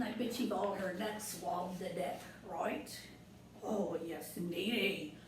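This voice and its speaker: A woman's voice: mid-range voice, darkish tone. A woman hosting a children's craft lesson in a playful pirate persona, telling corny jokes and giving step-by-step instructions. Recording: echoey room from a distant mic with faint noise.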